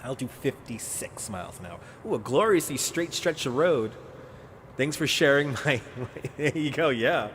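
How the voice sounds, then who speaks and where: A man's voice: medium pitch, lively intonation, normal speed, a bit bright, a little hiss or hum. A man streaming a driving game in casual chat, joking and laughing often as he talks to viewers. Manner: joking, laughs often, self-mocking asides. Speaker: live streamer.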